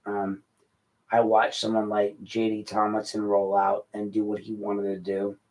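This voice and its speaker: A middle-aged man talks straight to his listeners in an unplanned late-night podcast, blunt and worked up. His voice sits fairly low. He rants about what bothers him without holding back. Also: completely flat delivery, a little slow, a little mellow, poor audio. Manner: blunt, ranting, frustrated. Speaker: podcast host. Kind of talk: unscripted late-night monologue.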